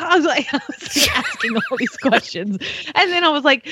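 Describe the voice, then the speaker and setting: A woman radio co-host spins a family story with lots of laughter and acted-out voices. Her pitch swings widely and expressively, and the studio sound is dry and a little dull. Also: moderate pace, husky, no room sound. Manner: animated, laughing storyteller who acts out voices. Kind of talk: casual chat, storytelling.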